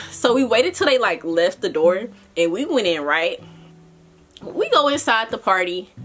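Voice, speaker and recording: A young adult woman vlogger telling a casual story, animated and chatty, talking straight to her viewers. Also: medium pitch.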